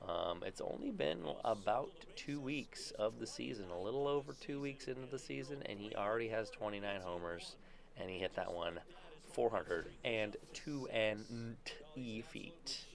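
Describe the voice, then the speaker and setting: A man with a fairly low voice calls his own baseball video game as he plays, keeping up a running commentary. He is excitable and jokey, throwing out playful trash talk between plays. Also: normal speed, creaky. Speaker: gaming YouTuber. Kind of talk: live gameplay commentary.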